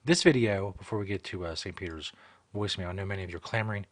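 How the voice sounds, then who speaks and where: A man's voice: low-pitched, racing. A man hosting a live stream show, talking casually in a profane, rambling, joking way.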